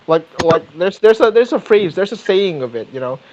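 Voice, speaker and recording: A man chats casually as a podcast guest, his voice sitting a little high. He trips and restarts his phrases often. The recording is muffled and lo-fi. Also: lively intonation, noisy background. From Philippines. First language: Tagalog. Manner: halting, repeats and restarts words. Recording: dull lo-fi mic.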